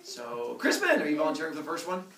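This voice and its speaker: A man's voice: a little high, wildly swooping pitch, fast talker, creaky, a crowd in the background. A man teaching a middle school class, joking and teasing his students as he goes. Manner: playful, teasing. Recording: echoey classroom from far off.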